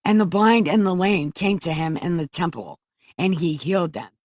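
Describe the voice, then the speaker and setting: A woman's voice: fairly low pitch, expressive, normal speed, a little mellow, no room sound, studio quality. A woman reading scripture aloud for comedy, breaking off into profane, mocking asides and interrupting herself as she goes. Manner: loose, self-interrupting delivery. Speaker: comedic Bible reader. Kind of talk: irreverent scripture reading with commentary.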